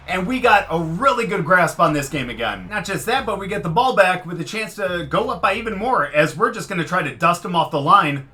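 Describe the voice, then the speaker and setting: Male game commentator, higher-pitched, excitable, yells at plays. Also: a little fast. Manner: excitable, swings from muttering to shouting at the quarterback. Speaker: gaming commentator. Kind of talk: live gameplay commentary.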